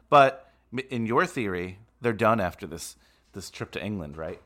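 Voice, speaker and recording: A man with a bright, forceful voice that sits a little low, co-hosting a relaxed movie chat. He laughs easily and slips into quick impressions while he talks it through. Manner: laughs often, animated retellings. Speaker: podcast co-host. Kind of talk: casual movie discussion.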